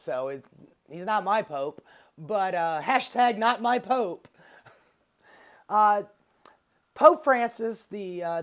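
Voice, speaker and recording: A woman's voice: fairly low pitch, a bit bright. Profane, sarcastic woman ranting. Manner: sarcastic, profane, loose and rambling. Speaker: political commentary vlogger. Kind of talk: casual ranting monologue.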